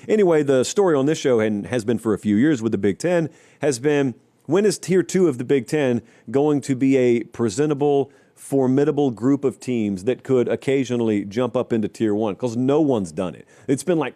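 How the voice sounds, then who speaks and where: Male sports talk host, mellow dark timbre, emphatic solo commentary with dry, mocking asides. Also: mid-range voice. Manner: emphatic, rising to animated stretches when running through schedules. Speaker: host of a college football show.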